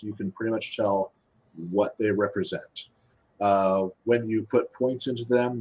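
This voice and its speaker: A man's voice: on the low side, slight background noise, low-quality recording. A man, a podcast guest, explains game rules casually, often restarting and repeating words. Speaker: guest game designer previewing a rulebook.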